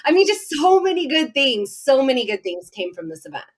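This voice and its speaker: A woman guest on a podcast, telling her story in an animated, effusive way with lots of fillers. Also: high-pitched, brisk. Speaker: podcast guest, summit host. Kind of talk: casual podcast interview.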